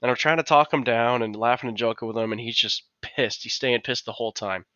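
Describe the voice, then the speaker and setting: On a podcast, a co-host with a medium-pitched voice tells a story casually and fairly quickly, animatedly acting out what his coworkers said. The audio is dull but has no echo.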